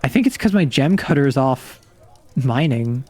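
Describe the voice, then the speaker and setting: A man's voice: mid-range voice, animated, moderate pace, darkish tone. A man streaming a game, thinking aloud in a rambling, casual way. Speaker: vtuber streamer. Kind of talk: casual livestream commentary while playing.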